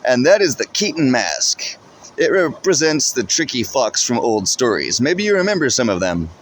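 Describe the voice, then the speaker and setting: A man voicing a loud, jolly middle-aged male shopkeeper in a storybook reading, talking theatrically from behind a mask. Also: sing-song, normal speed, slight background noise, lightly acted. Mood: cheerful. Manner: booming, theatrical.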